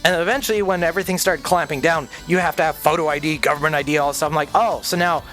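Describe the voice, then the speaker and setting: A man's voice: on the high side, fairly even intonation, very fast, a bit bright, faint music behind. A man streaming a game, ranting in a profane, casual way and acting out the people he quotes. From Canada. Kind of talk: casual rant while gaming.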